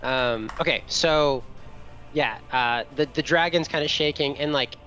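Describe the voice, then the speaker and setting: A man's voice: on the high side, unhurried, bright, forceful tone, soft background music. Rambling male game master. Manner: rambling, many restarts and fillers. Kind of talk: narrating a tabletop game.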